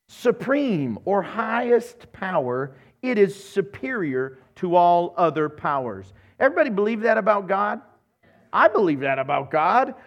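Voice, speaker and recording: A middle-aged man, a pastor, preaching a sermon in a lively, playful way, acting out little voices as he retells stories. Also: sits high. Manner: animated, playful, acts out voices in his retellings.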